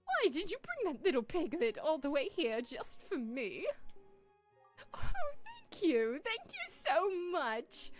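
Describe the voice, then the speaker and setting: A woman's voice: sits high, huge pitch swings, takes it slowly, soft background music, pitched above the performer's own voice, full character voice. A woman voicing a sweet, motherly village woman who gushes over a gift. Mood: gushing. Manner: gushing, doting.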